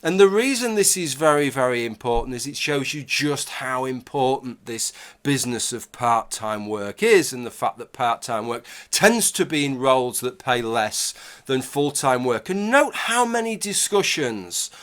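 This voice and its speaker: A man's voice: medium pitch, lively intonation, normal speed, fairly bright tone. Wry man making an argument. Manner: conversational, emphatic, wry asides. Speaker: video commentator. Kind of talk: argumentative commentary.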